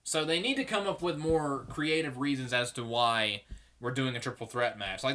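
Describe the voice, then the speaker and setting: A man's voice: medium pitch, animated, normal speed, sharp tone. A young man hosting a solo podcast, giving rambling, opinionated commentary and swearing freely. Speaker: podcast host.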